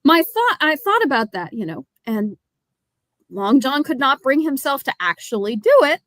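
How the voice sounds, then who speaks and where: Female co-host, fairly high voice, dry close sound, measured and analytical. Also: very animated, fairly bright tone, dry recording. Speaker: podcast co-host. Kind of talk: casual movie review chat.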